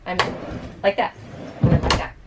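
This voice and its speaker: Chatty woman showing her motorhome. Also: normal speed. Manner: chatty, explaining with demonstrations. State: out of breath. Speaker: RV vlogger. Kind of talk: casual walkthrough of a motorhome. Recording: distant mic, faint ambient noise.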